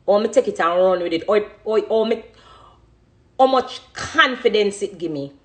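Speaking spontaneously and with deep emotion, this woman in her thirties is a dancehall artist with a Jamaican accent. Her medium-pitched voice is animated and moves at normal speed while she talks with passion and emphasis about her career, thanking people throughout.

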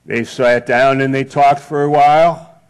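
Slow-preaching male pastor. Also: mid-range voice, steady tone, smooth. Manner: slow, deliberate preaching with repeated phrases. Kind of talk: sermon. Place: church sanctuary.

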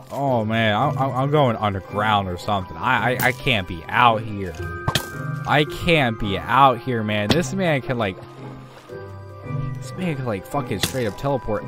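A man's voice: on the low side, animated, a little slow. A young man casually commenting while gaming, jittery and swearing, yelping when startled. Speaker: gaming YouTuber. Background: music.

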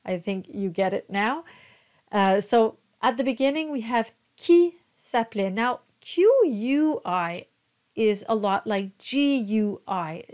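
Slow, patient female diction coach. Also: a little high, animated, a little mellow. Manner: patient, spells out letters and models each word slowly. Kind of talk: slow, careful pronunciation coaching.

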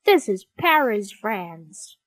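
A woman voicing a friendly, cheerful male French bulldog in a children's storybook, with bright, eager, sing-song lines. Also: medium pitch, very animated, slow pace, no echo.

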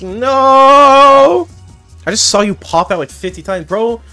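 Excitable man, crude gameplay banter. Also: high-pitched, a little fast, faint music behind. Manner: excitable, crude joking, shrieking outbursts. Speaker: gaming channel host. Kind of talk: casual gameplay chat.

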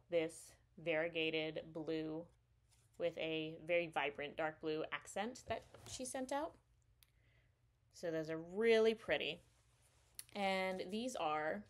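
Chatty woman with a low voice. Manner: chatty, enthusiastic, rambling with fillers. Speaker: knitting podcast host. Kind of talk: casual show-and-tell chat.

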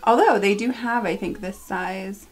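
A woman's voice: mid-range voice, unhurried, a little hiss or hum. Chatty woman vlogger gushing over beauty products. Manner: chatty, gushing, lots of fillers and asides. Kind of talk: casual haul review to camera. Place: home.

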